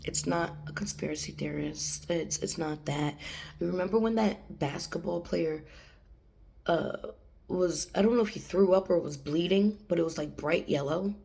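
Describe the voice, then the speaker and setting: A woman's voice: fairly low pitch, normal speed, vocal fry, dark tone. A woman talking to camera in a rambling casual monologue, laughing often and sometimes dropping to a whisper. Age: adult, has a young daughter. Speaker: channeler.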